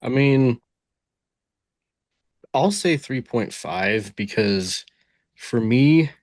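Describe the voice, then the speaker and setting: A man's voice: medium pitch, lively intonation, extremely slow, a little mellow, dry recording, studio quality. A man co-hosting a wrestling review podcast, talking with casual enthusiasm and some swearing. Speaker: podcast co-host.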